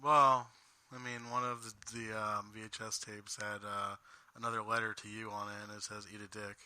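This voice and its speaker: Bright, sharp-voiced man rambling casually. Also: lowish voice, normal speed, no room sound. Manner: rambling, lots of "like", deadpan jokes. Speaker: podcast co-host. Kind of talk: casual chat.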